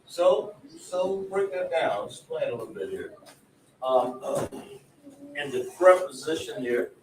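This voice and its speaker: A fairly high-voiced man leads a class with lively, joking energy and keeps pulling his students into call and response. He sounds set back from the mic in an echoey room. A faint hiss sits underneath. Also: unhurried, recorded from a distance. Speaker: religious class teacher. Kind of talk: casual classroom teaching.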